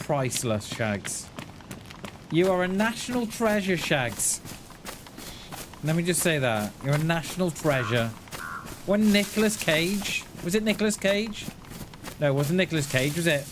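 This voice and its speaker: A man's voice: fairly high pitch, lively intonation, a little slow, pauses often, background noise. Chatty man streaming a game. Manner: laughing, chatty, addresses chat as mate. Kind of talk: live gameplay stream chat.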